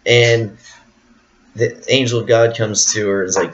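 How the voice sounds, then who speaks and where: A man with a fairly low voice reads a Bible passage and then talks it through in a loose, rambling way, leaning on fillers as he thinks aloud. The recording sounds dull and lo-fi. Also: fairly even intonation, a little slow, pauses often. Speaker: Bible study teacher. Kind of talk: reading scripture then casual explanation.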